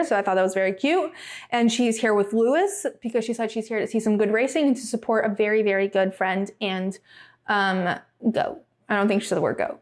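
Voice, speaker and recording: A woman hosting a podcast in casual chat, playful and laughing as she acts out the people she talks about. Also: a little high. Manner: chatty and playful, laughing and quoting others in put-on voices. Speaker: podcast host. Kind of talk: reading a comic rhyme.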